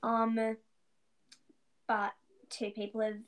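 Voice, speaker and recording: A young woman co-hosting a podcast, talking in an excitable, gushing, fangirly way. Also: a little high, slow pace. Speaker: podcast co-host. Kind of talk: casual chat.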